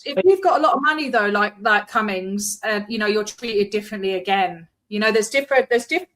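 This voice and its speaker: A woman's voice: mid-range voice, animated, a little fast, fairly bright tone. A woman hosting a casual interview, chatty and joking, swearing casually. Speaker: interview host.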